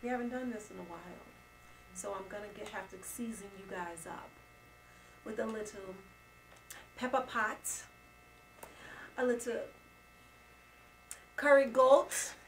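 A woman's voice: on the high side, measured pace, pauses often, a little hiss or hum, low-quality recording. A woman putting on a jokey Jamaican lilt. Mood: playful hamming. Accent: put-on Jamaican. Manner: jokey, sing-song, teasing. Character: playful woman hamming up a Jamaican-style host. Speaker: co-host.

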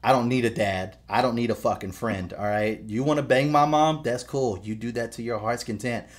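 A man's voice: mid-range voice, normal speed, lightly acted. A man acting out a foul-mouthed, bossy little boy with a grown man's head, swaggering and crude.

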